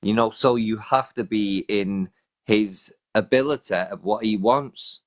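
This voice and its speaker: British guy hosting a live stream, lowish voice, keeps stumbling, muffled audio. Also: unhurried. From Britain. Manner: hesitant, restarts often. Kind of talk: casual chat.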